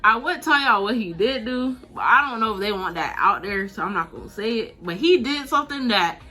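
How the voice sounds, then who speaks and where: Bright-voiced 19-year-old woman telling a story. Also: a little high, fairly quick. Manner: animated, slangy retelling with laughs. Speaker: vlogger. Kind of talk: casual storytime.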